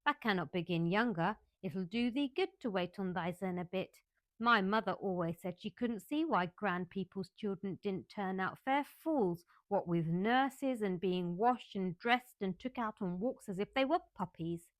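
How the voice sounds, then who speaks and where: A woman's voice: medium pitch, a little slow, no room sound, lightly acted. A sturdy, cheerful young housemaid with a broad Yorkshire accent, as a woman reader puts her on. She talks bluntly and a lot, in a storybook reading. The sound is dry and close.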